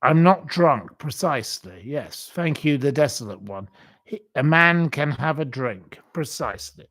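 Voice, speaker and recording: A man's voice: on the high side, expressive, a little slow, fairly bright tone. A man hosting a livestream, reading out viewer comments and ranting bluntly with repeated insults. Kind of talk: casual live-chat rant.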